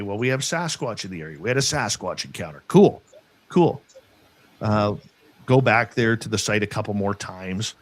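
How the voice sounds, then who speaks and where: A middle-aged man casually telling a story about an encounter, acting out the voices of the people in it. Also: lowish voice. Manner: animated, acts out quoted voices.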